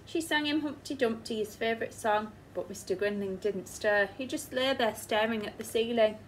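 A woman's voice: a little high, normal speed, a little hiss or hum, rough recording. A woman teacher with an English accent reading a picture book aloud to children and asking them questions along the way. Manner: asks the listening children questions. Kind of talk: storybook read-aloud.

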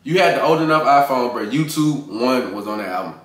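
A man hosting a music reaction video, chatting in a hyped, excited way and talking over the track. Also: mid-range voice, brisk, recorded from a distance. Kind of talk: casual music reaction commentary. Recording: echoey room with music playing.

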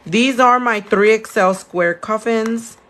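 Speaking slowly in a slightly high, fairly bright voice, this young Californian woman runs a nail shop and does nails live on stream. She answers viewers' questions in relaxed chat, mixing Spanish words into her English, with a little background noise behind her.

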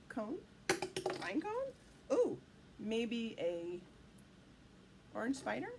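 A woman reading a picture book aloud to children in an animated, sing-song way. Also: on the high side, a little hiss or hum. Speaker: children's storyteller.

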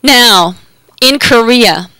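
A woman's voice: fairly high pitch, lively intonation, extremely slow, bright, forceful tone, clean tone, dry recording. A woman interpreting a doctor's lecture that mixes health teaching with Bible readings, speaking earnestly and steadily.

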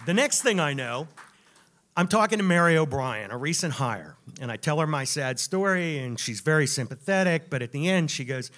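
A man telling a true story live on a club stage, animated and wry, building to punchlines. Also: a little high, moderate pace.

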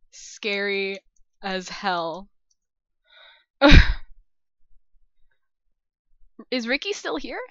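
A woman's voice: mid-range voice, animated, extremely slow, long pauses, fairly bright tone, dry recording, highs cut off. A young woman narrating her own game as a let's-play host, nervous and shaky, talking to herself and her viewers. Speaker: gaming channel host.

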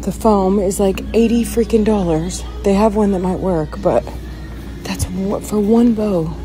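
A woman vlogs from a fabric store, talking to her phone in a quick, excitable, chatty way. Her voice sits at an ordinary middle pitch. Music plays clearly behind her as she goes. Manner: chatty, excitable, says "y'all" and "freaking". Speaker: vlogger. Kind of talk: casual vlog narration. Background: background music.

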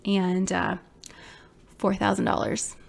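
Woman in her thirties, small business owner, personal story, animated, exclamatory, lots of fillers. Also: mid-range voice, slow pace, gravelly.

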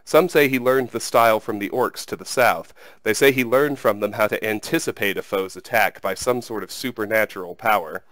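A man voicing a huge, jovial war chief who talks in a hearty, rumbling way. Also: a little fast, hardly any pauses, a bit bright, dry recording, close to an everyday voice.

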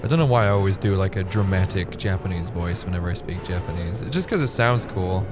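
A man in his thirties from Northern Ireland, commentating a horror game stream, excitable, yelling, swearing and putting on joke voices. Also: sits low, quick pace, over music. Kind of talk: let's-play stream commentary.

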